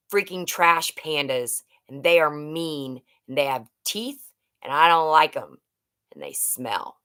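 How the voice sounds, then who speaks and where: A middle-aged woman hosts a casual livestream, rambling and chatting with viewers while reading their comments aloud. Her voice is low-pitched and a bit bright.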